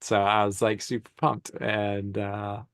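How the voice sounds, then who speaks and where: A man, a commercial photographer, casually telling animated stories with slang and laughs in a conversation. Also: on the low side, slow pace, clear, resonant tone, no room sound, studio quality. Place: event space on stage.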